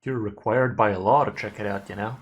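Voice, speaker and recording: Male streamer, low-ish pitch; easygoing, chatty gameplay talk, a bit of casual swearing. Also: fairly even intonation, a little fast, slightly rough. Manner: laid-back, chatty with viewers, mild swearing.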